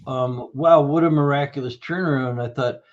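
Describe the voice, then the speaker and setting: Lively storytelling man, dull audio. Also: mid-range voice, normal speed. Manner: animated storyteller acting out dialogue. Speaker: guest, nutrition practitioner. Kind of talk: storytelling interview answer.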